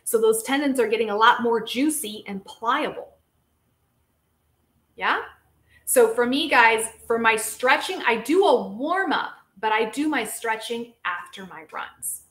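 A woman hosting a casual live-stream Q&A as a physical therapist, chatty and lively, talking straight to her viewers. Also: fairly high pitch, measured pace, reverberant. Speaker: physical therapist and show host.

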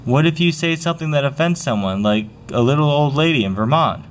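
A man's voice: fairly high pitch, animated, a little fast, close to an everyday voice. A man voicing a fussy manager who nags about schedules. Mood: nagging. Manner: fussy, nagging.

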